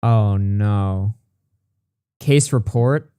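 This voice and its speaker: A man's voice: fairly low pitch, warm tone, clean tone, dry recording, studio quality. Profane man reading messages aloud. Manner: blunt, profane, reads texts quickly. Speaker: commentary channel host.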